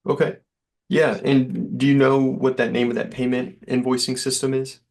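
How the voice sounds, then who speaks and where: A man's voice: mid-range voice, flat delivery, moderate pace, gravelly. A man giving an easygoing, reassuring sales demo over a call, with lots of fillers. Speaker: software sales rep.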